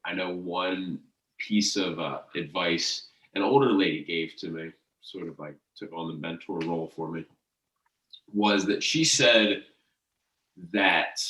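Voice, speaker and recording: A very low-voiced man talks through a casual podcast chat in a slow, halting manner, often restarting his sentences. He sits back from the mic in a room with a noticeable echo. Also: bright, forceful tone. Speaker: podcast host. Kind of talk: casual conversation. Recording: echoey room, distant from the mic.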